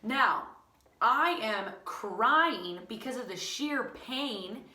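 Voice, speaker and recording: A woman teacher telling a personal story in a casual, animated way, full of fillers and laughter. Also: fairly high pitch, extremely slow, roomy sound. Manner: animated, lots of fillers, laughing through the tale. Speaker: teacher and channel host.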